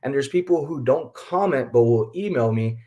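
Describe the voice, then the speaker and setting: A middle-aged man from Texas hosting a casual live stream, rambling warmly to viewers with frequent laughs. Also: medium pitch, expressive, normal speed, dull audio. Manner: rambling, chatty, laughs often, talks to viewers as folks. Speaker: livestream host, reseller.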